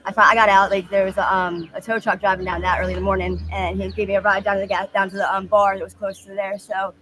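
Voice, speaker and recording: A woman in her mid-thirties speaking frankly in a street interview, halting with many ums and likes. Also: mid-range voice, little pitch movement, fairly bright tone, a little hiss or hum. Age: 30s.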